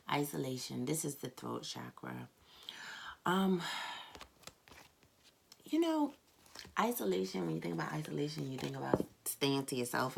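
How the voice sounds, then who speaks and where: Gravelly low-voiced woman reading tarot. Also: background noise. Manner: candid and blunt, swears, addresses viewers as "baby" and "cat". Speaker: tarot reader.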